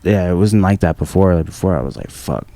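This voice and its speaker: Man in his thirties, low voice, dry close mic, profane rambling podcast talk. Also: quick pace, warm tone, no echo. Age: 30s. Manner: profane, rambling, laid-back. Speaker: podcast host. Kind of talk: casual chat.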